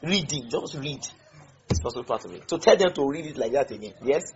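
A man's voice: medium pitch, expressive, brisk, darkish tone, slight background noise. A man leading a Bible study, repeating and stressing words as he calls on listeners. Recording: muffled lo-fi recording.

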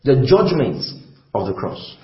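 A Nigerian man preaching a sermon, calling out questions to the congregation and sometimes shouting. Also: mid-range voice, a little slow. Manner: animated, call-and-response, sudden shouts. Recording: roomy, dull lo-fi sound.

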